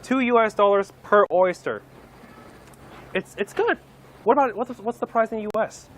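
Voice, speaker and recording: A man with a Chinese accent who speaks English as a second language, reporting live outdoors at an oyster farm in a halting way, with many restarts. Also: sits high, fairly bright tone.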